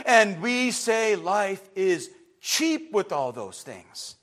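A man, preaching an impassioned sermon that builds to shouting. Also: high-pitched, sing-song, takes it slowly. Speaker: pastor.

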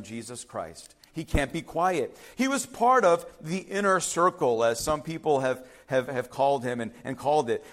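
A man preaching a sermon, emphatic, repeating key phrases and putting questions to the congregation. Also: fairly high pitch. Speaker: pastor.

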